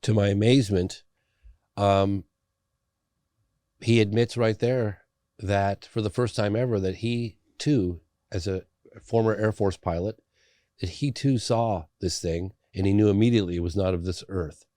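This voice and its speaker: A middle-aged man, a documentary filmmaker, telling a story as a guest in a podcast interview, animated and loose with fillers. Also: lowish voice, a little slow, dry recording, studio quality.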